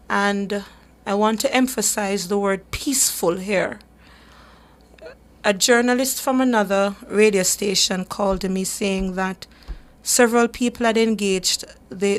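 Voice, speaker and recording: A woman speaks on a live radio talk show. She is earnest and emphatic, pressing her points and often restarting her sentences. Her voice sits at an ordinary middle pitch. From Jamaica. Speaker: human rights advocate and radio host.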